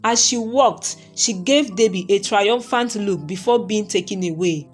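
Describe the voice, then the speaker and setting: A woman narrating a romantic folktale story in a steady, even reading voice. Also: medium pitch, a little slow, hardly any pauses, soft background music.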